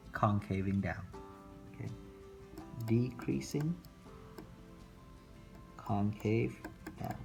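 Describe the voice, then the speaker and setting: A man teaching a math lesson, calmly repeating each step while he sketches a graph. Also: lowish voice, creaky. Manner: slow, repetitive, talking through steps while sketching. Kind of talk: classroom lecture recorded for students.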